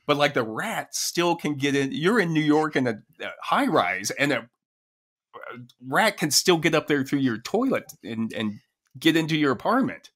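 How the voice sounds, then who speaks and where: A man co-hosting a podcast in casual chat, talking in halting phrases full of restarts. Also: a little high, big pitch swings, a bit bright. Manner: halting, restarts phrases, reads poetry aloud. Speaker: podcast co-host.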